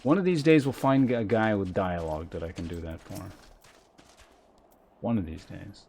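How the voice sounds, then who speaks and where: A man with a low, gravelly voice chats quickly as he plays a game on stream. His tone is husky and self-mocking, and he jumps from thought to thought. The delivery is loose and casual. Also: darkish tone.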